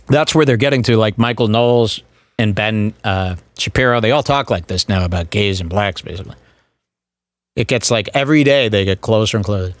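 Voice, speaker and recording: A man's voice: fairly low pitch, a little fast, dry recording. A man hosting a podcast, riffing in casual, mocking commentary. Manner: sarcastic, mocking, lively delivery. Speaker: podcast host.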